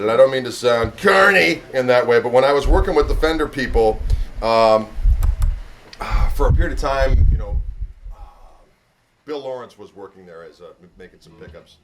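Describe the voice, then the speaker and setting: A middle-aged man, a guitarist, casually telling a story and introducing a pickup demo in a rambling, conversational way. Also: medium pitch. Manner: rambling, conversational, full of "you know".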